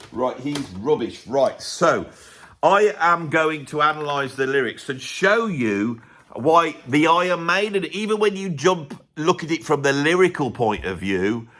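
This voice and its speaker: Animated man ranting to camera. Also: medium pitch. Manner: animated, sarcastic, swings between loud and muttered asides. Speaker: music vlogger. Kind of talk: casual opinionated rant to camera.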